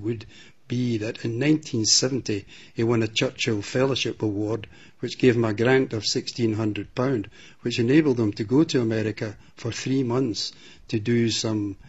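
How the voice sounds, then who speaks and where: A man recalls a friend in a radio interview. His voice is a little husky and the recording sounds dull and muffled. He tells his stories at a measured, gently amused pace. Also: medium pitch. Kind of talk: reminiscing interview.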